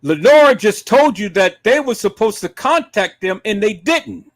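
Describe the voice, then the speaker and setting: A man hosting a live stream, giving emphatic commentary to his viewers, dropping to low murmurs and rising to shouted outbursts. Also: lively intonation, moderate pace, few pauses. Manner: emphatic, repeatedly addresses viewers as "peoples".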